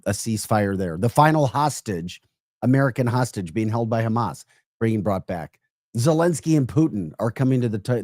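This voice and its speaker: Podcast co-host guy, low mellow voice, upbeat and laughing a lot. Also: no echo, clean studio sound. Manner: upbeat, animated, laughs often. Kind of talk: casual political talk.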